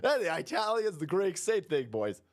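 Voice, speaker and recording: A man's voice: sing-song, normal speed. A man giving ranting, profane political commentary, mocking the people he talks about. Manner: mocking, profane, mimics others in high voices.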